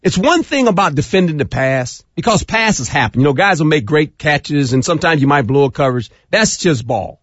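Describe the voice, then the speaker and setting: A middle-aged man talking football as a guest on sports radio, acting out scenes in a rising, animated voice. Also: a little high, fairly quick, few pauses, no echo. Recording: dull lo-fi radio audio.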